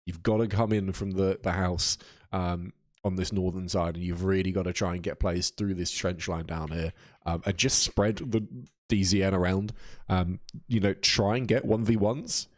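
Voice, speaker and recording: A man's voice: low-pitched, fairly even intonation, moderate pace, no echo, studio quality. A man casting a live video game match, talking casually and reacting to chat between plays. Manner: casual, chatty, reads chat aloud. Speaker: esports caster.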